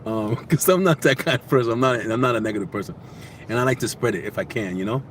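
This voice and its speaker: Animated man giving life advice. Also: mid-range voice, fast talker, a little hiss or hum. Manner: animated storytelling, preachy and repetitive. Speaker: vlogger. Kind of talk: casual motivational monologue.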